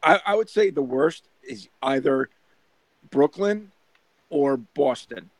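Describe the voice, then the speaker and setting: A man in a casual group chat who talks haltingly, repeating words as he searches for them. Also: medium pitch, expressive, no echo.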